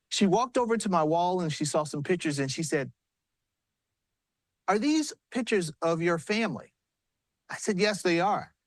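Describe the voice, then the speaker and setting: Speaking by remote link from a busy, noisy arena, a party chair with a South Carolina accent tells a story and delivers earnest, rousing remarks live on a news broadcast. His voice sits high, with no echo.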